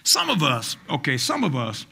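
A male pastor preaching a fiery call-and-response sermon, stammering on repeated words and rising to shouts. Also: a little high, wildly swooping pitch, normal speed, gravelly, slightly rough. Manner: acts out quoted voices, stammers on repeated words.

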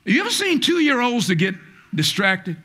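A male pastor preaching a fiery call-and-response sermon, stammering on repeated words and rising to shouts. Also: very high voice, huge pitch swings, moderate pace. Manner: acts out quoted voices, stammers on repeated words.

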